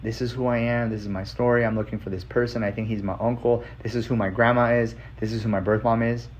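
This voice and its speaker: A man's voice: mid-range voice, level tone, fast, slight background noise. A man hosting a podcast, telling a personal story in a loose, profane, casual monologue. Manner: loose and profane, with frequent "like" fillers. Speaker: podcast host.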